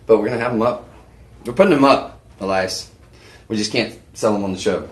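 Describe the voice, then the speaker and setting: A man hosting a live home shopping show, pitching products in a chatty, rambling way with lots of fillers and restarts. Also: a little fast, echoey room. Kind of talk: live on-air sales pitch. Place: TV shopping studio.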